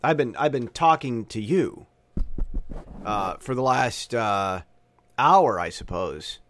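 A man's voice: mid-range voice, lively intonation, slow pace, fairly bright tone. A man talking alone in a rambling casual monologue, full of restarts and stammers.

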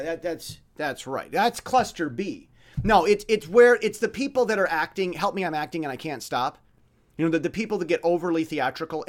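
Stammering, lively-voiced male podcast host. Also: fairly high pitch. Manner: stammering, frequent restarts, blunt; mimics dramatic voices when illustrating points. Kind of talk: rambling monologue.

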